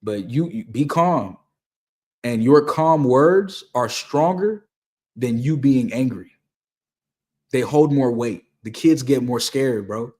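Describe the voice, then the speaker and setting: A young man hosts a Q&A, answering viewer questions with casual, motivational advice, repeating his key points and using slang. His medium-pitched voice is animated yet slow and a little mellow.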